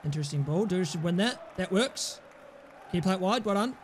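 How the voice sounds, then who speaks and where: A man giving excitable live commentary over his own football video game, muttering calls to teammates and then yelling at misses, with cheeky, sweary banter. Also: sits high, brisk, a faint crowd, a little hiss or hum. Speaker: gaming YouTuber.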